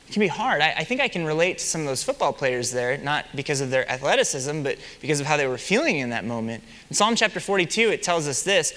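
Young male pastor, high and lively, animated sermon delivery with rhetorical questions. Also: fast, hardly any pauses, long reverb tail.

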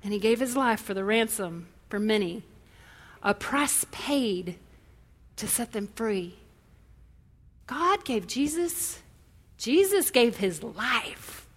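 A woman preaching an animated, impassioned sermon that leans on storytelling. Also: fairly high pitch, takes it slowly, pauses often.

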